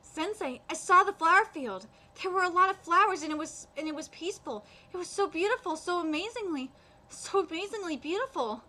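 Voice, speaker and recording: A gentle, earnest teenage boy, read aloud by a woman. Her voice is high and bright, halting on fillers as she reads cold. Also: animated, full character voice. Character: gentle teenage boy who sees spirits.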